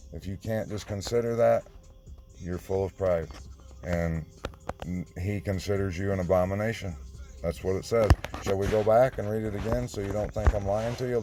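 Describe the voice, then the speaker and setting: A man giving an informal sermon, insistent and confrontational, often repeating himself. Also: lowish voice. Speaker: online preacher.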